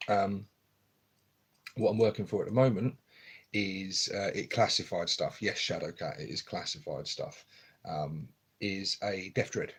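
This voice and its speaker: A low-pitched man talks in a hushed, easygoing ramble to his live-stream viewers. His voice is gravelly and a touch husky, recorded through a phone at home. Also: slow pace, pauses often. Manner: speaking quietly, chatty and rambling with frequent ums. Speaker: hobby streamer. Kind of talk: casual live-stream chat. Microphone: phone camera.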